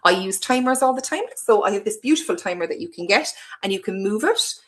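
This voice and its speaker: A woman with a Cork Irish accent giving a parent webinar talk, speaking fast, passionate and playful. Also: medium pitch, animated. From Cork, Ireland. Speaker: hospital play presenter.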